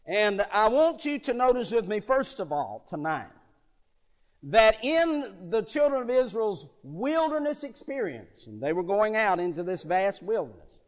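A man preaching a sermon, telling a story and swelling from quiet, drawn-out words to loud emphatic peaks. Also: high voice.

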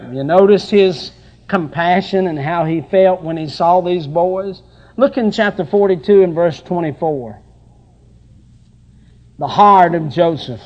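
A middle-aged man preaching a sermon with passion, dropping at times to soft, tender passages. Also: high voice, unhurried, lo-fi sound.

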